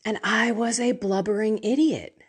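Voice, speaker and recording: A woman's voice: on the high side, normal speed, husky. A middle-aged woman hosting a faith podcast, teaching her listeners in a candid, emotional way and laughing often.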